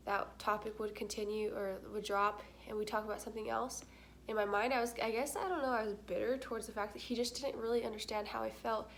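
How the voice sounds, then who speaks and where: Young woman vlogger, slightly high voice, chatty and candid, plenty of filler words. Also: a little hiss or hum. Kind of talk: casual chat to camera.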